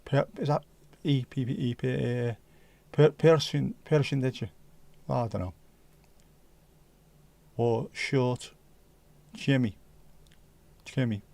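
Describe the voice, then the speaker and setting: Gravelly-voiced man hosting a chatty livestream. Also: medium pitch, takes it slowly, mellow. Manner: jokey banter with viewers, drops into Dutch and Spanish. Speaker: livestream host. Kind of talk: casual chat reading viewer comments.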